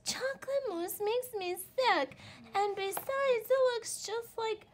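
A woman voicing a picky young male wolf cub who whines and complains about his dinner in a high, strained voice. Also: takes it slowly, slight background noise. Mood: whiny.

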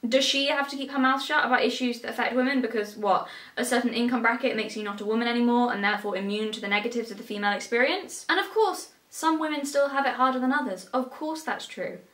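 English woman mocking someone in a commentary vid, kinda high voice, echoey room, mic sits a bit far off. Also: fast, few pauses, fairly bright tone. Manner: sarcastic, mocking questions. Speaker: commentary YouTuber. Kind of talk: commentary rant.

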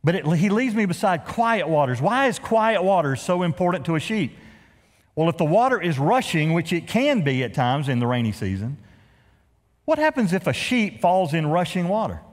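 A middle-aged male pastor preaches with a lively, up-and-down delivery, punching some words loudly and dropping others to a hush. His folksy asides have a joking edge. The sound carries the long echo of a large church sanctuary. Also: normal speed. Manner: animated preaching, swings from loud emphasis to hushed lows. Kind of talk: sermon. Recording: reverberant church hall.

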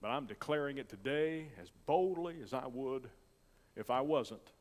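A man pastor preaching a sermon with great emotion, moving between loud declarations and soft, near-whispered lines. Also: medium pitch, moderate pace, long reverb tail.

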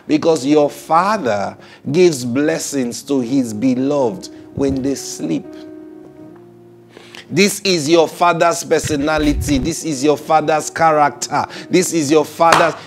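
Gravelly preacher man with soft music behind. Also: slow pace. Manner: emphatic, rises to loud high peaks on key lines; laughs often between points. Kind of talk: sermon.

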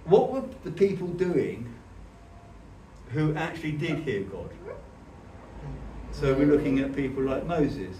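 A man giving a conversational church talk, telling personal stories in an earnest, halting way with frequent restarts. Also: on the high side, lively intonation, dark tone. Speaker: church speaker. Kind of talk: conversational sermon with personal storytelling. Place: church hall. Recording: echoey hall, distant mic, faint hiss.

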